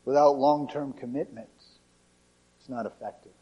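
A man's voice: medium pitch, fairly even intonation, moderate pace, breathy edge, muffled recording. A male pastor preaching a sermon in a conversational, emphatic way.

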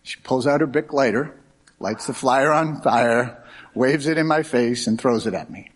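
A middle-aged American man preaching as a pastor. He tells anecdotes in an animated way, acting out the quoted dialogue as he goes. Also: medium pitch, moderate pace. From United States. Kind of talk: sermon with storytelling.

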